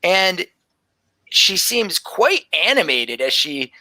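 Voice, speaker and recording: A woman running a tabletop game, narrating scenes in a lively, animated voice that rises and falls a lot. Her tone is bright, and the recording is close and dry. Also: fairly low pitch, takes it slowly, no room sound. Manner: lively, descriptive narration with fillers. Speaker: game master.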